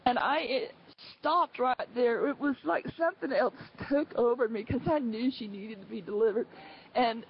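A woman giving a personal testimony to her church, speaking earnestly and haltingly, with many restarts. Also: fairly high pitch, dull audio, a little hiss or hum.

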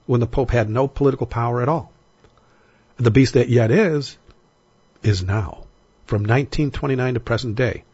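A man with a husky, breathy edge delivers a recorded sermon on Bible prophecy. He talks in a casual, conversational way but slows down to lean on the verses he reads. The recording is dry and close, with a dull, slightly lo-fi tone. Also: medium pitch, a little mellow, no room sound. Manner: conversational, slows to stress scripture readings.

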